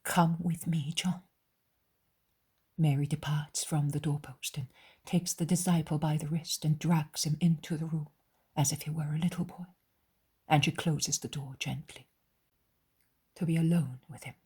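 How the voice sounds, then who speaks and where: A woman narrating an audiobook in a hushed, slow, solemn whisper. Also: sits low, fairly even intonation, slightly rough.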